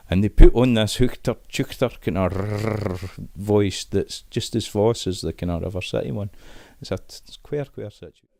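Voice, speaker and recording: Scottish man, middle-aged, low pitch, dry recording, casual interview talk, frequent restarts. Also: a little mellow, dry recording. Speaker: interview guest. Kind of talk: conversational interview.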